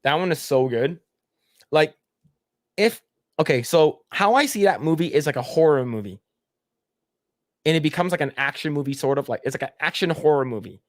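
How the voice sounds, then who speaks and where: A man's voice: fairly high pitch, lively intonation, moderate pace, pauses often, no echo, clean studio sound. A man hosting a casual podcast, reading chat comments aloud and rambling with frequent swearing and laughter. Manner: rambling, profane, laughs often.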